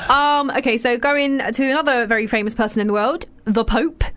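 A woman's voice: a little high, brisk, fairly bright tone, a little hiss or hum. A woman hosting casual chat on the radio, giggly and often trailing off mid-sentence. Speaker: radio host.

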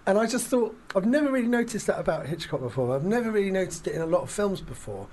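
A man hosting a casual podcast chat, retelling film scenes in a rambling, animated way with lots of fillers. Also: high-pitched, fast talker, slight background noise. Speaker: podcast host.

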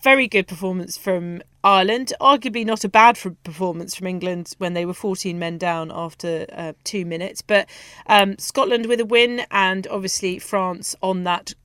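A woman co-hosts a sports show in an upbeat, chatty way, peppering her talk with ums and quick laughs. Her voice sits at an ordinary middle pitch. It is recorded close and dry, with no room echo. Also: steady tone, bright, forceful tone, clear, resonant tone. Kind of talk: casual sports chat and news roundup.

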